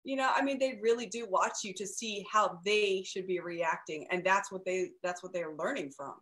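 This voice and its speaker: A woman's voice: mid-range voice, normal speed, fairly bright tone. A woman hosting a parenting podcast, talking casually, laughing often and restarting her sentences. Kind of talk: casual conversation.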